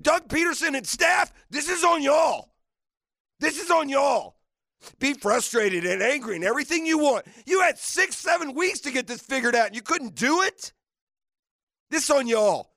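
A man hosting sports radio, delivering a fiery, mocking rant with shouted bursts. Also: extremely high pitch, no room sound, clean studio sound. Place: radio studio.

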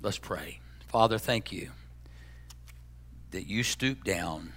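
A man preaching a sermon as pastor, folksy and joking, swinging between loud bursts and hushed asides. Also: low voice, lively intonation, slow, slight background noise.

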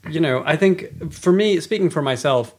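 A man's voice: on the high side, normal speed, husky. A man who is a guest writer, answering interview questions thoughtfully in a casual way.

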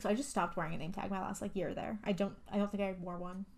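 A woman's voice: medium pitch, steady tone, fast, vocal fry, background noise. A woman co-hosting a podcast, recapping a film in casual chat and rambling with many "um"s and "like"s. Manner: rambling, full of "um" and "like". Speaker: podcast co-host.

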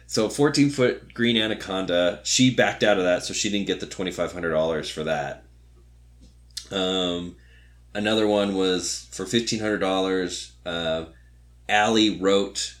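Retelling a show on a podcast he co-hosts, this man rambles in a casual, filler-heavy way and plays with quoted voices. His voice sits low with a fairly bright tone.

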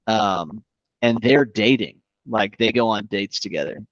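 A man's voice: on the low side, measured pace, dry recording. Podcast man, easygoing sports chatter, salty language, dry, slightly dull mic. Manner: animated storyteller, swears freely, says "dude". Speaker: podcast co-host. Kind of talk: casual sports chat.

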